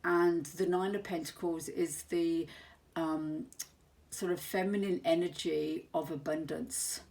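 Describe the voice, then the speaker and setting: A woman with a fairly low voice reads tarot cards for her viewers. She talks earnestly and loosely, wandering through her thoughts and stopping to hunt for the right word. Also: fairly even intonation, slow, darkish tone. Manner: earnest, meandering, searches for words aloud. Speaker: tarot reader. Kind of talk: monthly tarot reading for viewers.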